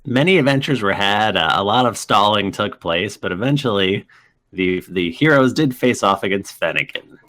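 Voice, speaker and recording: A man running a tabletop game, talking in a relaxed, hesitant way. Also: lowish voice, normal speed. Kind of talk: casual tabletop game chat.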